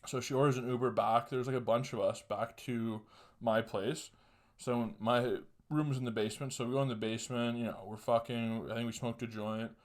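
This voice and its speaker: A man's voice: mid-range voice, steady tone, normal speed. A man in his twenties telling a crude, rambling story as a podcast host, swearing freely and laughing often.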